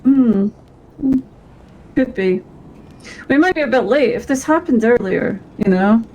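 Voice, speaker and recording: Brit woman in a game rp, playful, high lively voice, slow, slight hiss. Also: rough recording. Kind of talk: role-play in a video game.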